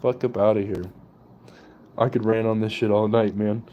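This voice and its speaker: A man's voice: lowish voice, steady tone, moderate pace, highs cut off, slight background noise. A young man ranting casually and profanely, with slang and laughter. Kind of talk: casual political rant.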